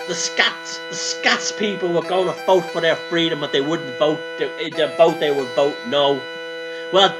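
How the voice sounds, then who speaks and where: A man voicing a brash, flamboyant, foul-mouthed male showman spirit in a comic channeling sketch, talking in a camp, boastful way. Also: sits high.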